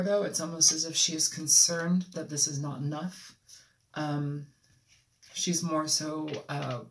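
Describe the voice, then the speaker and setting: A Los Angeles tarot reader with a medium-pitched voice gives an intuitive reading. The delivery rambles and halts, full of ums, as though impressions are being channeled as they arrive.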